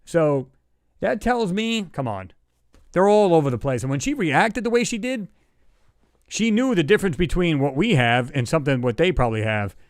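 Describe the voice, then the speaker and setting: A man's voice: fairly high pitch, sing-song, moderate pace, no room sound, clean studio sound. A man hosting a casual livestream chat, talking in a loose, rambling way and reading viewer comments aloud. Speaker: livestream host.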